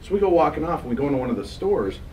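A man's voice: a little high, very fast, over a noisy crowd. A man telling funny stories to a live audience, joking and laughing often, his voice a little raw. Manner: jokey, animated, laughing often. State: slightly raw voice. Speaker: convention speaker. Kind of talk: storytelling to a live crowd. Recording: distant mic in a noisy crowded hall.

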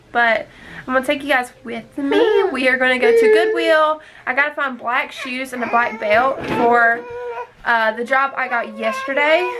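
A woman's voice: high-pitched, a bit bright, a little hiss or hum. A young woman in her twenties chatting casually in a home vlog, upbeat and rambling. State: out of breath. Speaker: vlogger.

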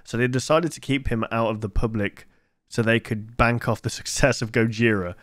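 Young male host, casual mid-pitched reaction chatter with jokey asides. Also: fairly even intonation, normal speed, a bit bright, no echo, studio quality.

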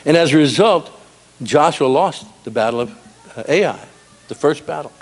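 A man preaching a sermon in a church, animated and storytelling with humor. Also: fairly high pitch, normal speed, slightly rough. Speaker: pastor. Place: church sanctuary.

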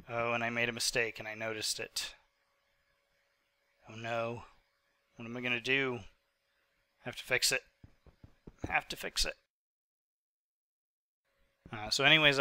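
There's no room sound around this mid-range, bright, forceful man's voice. He's a gaming channel host in his mid-twenties, ill and hiccuping, giving chatty, meandering commentary full of fillers over footage of himself playing.

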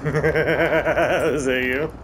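A man's voice: fairly high pitch, noisy background. A man giving casual, profane gameplay commentary, laughing often and trash-talking his opponents.

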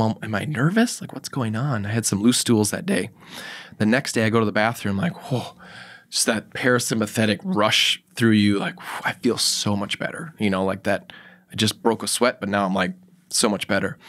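Man, podcast guest expert, casual storyteller, acts out quotes, lowish voice, dry sound. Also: dry recording. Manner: casual, acts out quoted dialogue in his anecdotes; fillers and restarts, emphatic.

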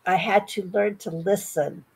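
A woman's voice: mid-range voice, steady tone, a little slow, gravelly, darkish tone, breathy edge, poor audio. A woman in her sixties from Virginia, with an American accent, chatting as an English tutor on a video call and often repeating words as she starts. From Virginia, United States. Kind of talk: casual conversation lesson.

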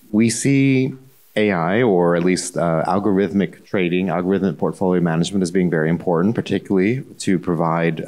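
A man answering on a conference panel, measured and explanatory. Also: low-pitched, a little mellow. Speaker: panelist, bank digital officer.

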